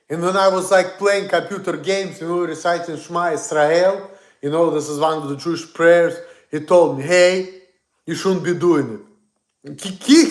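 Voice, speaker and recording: Guy on a stream, high voice, rambling and cursing, kinda echoey. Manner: blunt, profane, rambling. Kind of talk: casual livestream rant.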